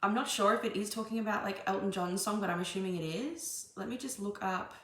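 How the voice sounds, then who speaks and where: A woman's voice: mid-range voice, fairly quick, fairly bright tone. A woman tarot reader musing aloud in a casual, meandering channeling session, with lots of ums and restarts. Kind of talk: casual spiritual channeling monologue. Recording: echoey room.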